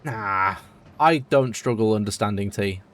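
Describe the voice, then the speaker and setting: This UK man talks easily to his stream audience while he plays, responding to them between moves in a loose, rambling style. He speaks unhurriedly in a fairly low, conversational voice.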